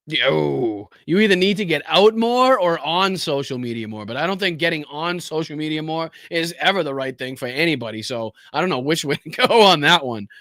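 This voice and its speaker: A man's voice: on the high side, a bit bright, no echo, studio quality. A man with a Boston accent hosting a podcast, mocking news clips with lots of swearing and laughter. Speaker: podcast host. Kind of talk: profane political commentary over clips.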